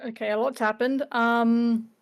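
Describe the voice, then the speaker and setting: A woman's voice: a little high, level tone, unhurried. A woman playing a tabletop game who describes her character in a rambling way, with lots of fillers. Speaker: player.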